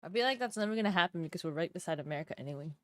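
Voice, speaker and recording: A woman from Canada talks casually to her stream viewers as she draws, tossing questions to her chat and laughing often. Her pitch swings widely and expressively. The sound is dry and close, with no room echo. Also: animated, racing, a bit bright.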